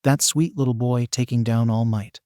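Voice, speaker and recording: A man reading the lines of a breezy woman hero teacher in an even, unhurried way, in a dry, close recording. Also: mid-range voice, clear, resonant tone, no room sound, close to an everyday voice. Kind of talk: fan fiction reading.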